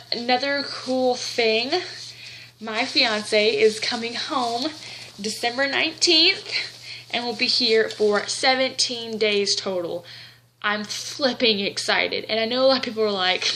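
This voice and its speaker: A woman's voice: a little high, unhurried, pushed and bright, slight background noise, low-quality recording. A young woman vlogging in a casual, rambling chat, gushing and a little tearful. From Southern United States.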